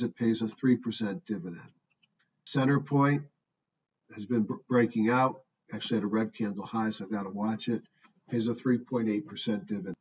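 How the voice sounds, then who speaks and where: A man talking through stock charts in an offhand, thinking-aloud way, with frequent ums and asides. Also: fairly low pitch. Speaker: stock market commentator. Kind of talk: casual screen-share market review. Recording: dull distant mic with faint noise.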